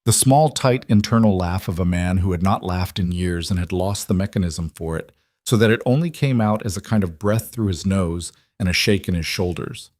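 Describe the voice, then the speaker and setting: A man narrates a romance story in a measured, steady voice. His tone sits low and close to the mic. There is no room sound at all, just dry studio narration. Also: no room sound. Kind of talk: scripted romance audiobook narration.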